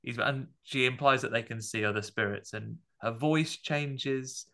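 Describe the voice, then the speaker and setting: Gravelly bright-voiced man chatting films. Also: medium pitch, a little slow. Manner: chatty, animated retelling of scenes. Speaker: podcast co-host. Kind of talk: casual film discussion.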